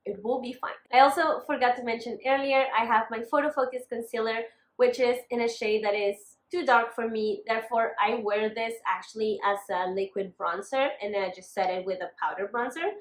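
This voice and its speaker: A woman's voice: a little high, fairly even intonation, a little fast, few pauses, reverberant. A woman beauty vlogger chatting casually about makeup, ranting with exasperated asides. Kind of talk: casual vlog chat.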